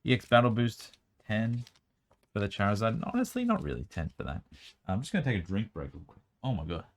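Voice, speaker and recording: Guy with a low tired-sounding voice rambling fast while going thru cards at home, gets excited a lot. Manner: rapid, chatty, bursts of excited exclamations. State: strained, worn-out voice. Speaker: card collector vlogger. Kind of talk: casual running commentary while sorting cards. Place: room at home.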